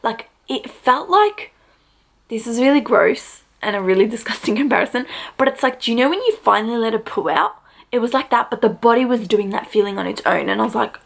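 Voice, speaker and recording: A woman's voice: on the high side, brisk, vocal fry. A young woman, chatty and full of "like" fillers, telling a personal story to camera in a casual vlog. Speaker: vlogger.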